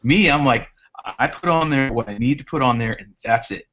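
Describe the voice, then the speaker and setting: A man, a guest drone racer, chatting casually on a live hangout, telling stories in an animated way. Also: mid-range voice, fairly quick, highs cut off.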